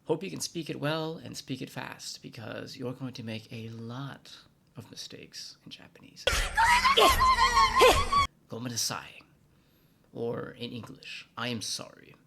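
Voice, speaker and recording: This is a US-born vlog host teaching Japanese, reading scripted educational narration. His mid-range voice is creaky, with a little hiss or hum in the audio, and his playful delivery drops into hushed asides and mock-formal phrasing.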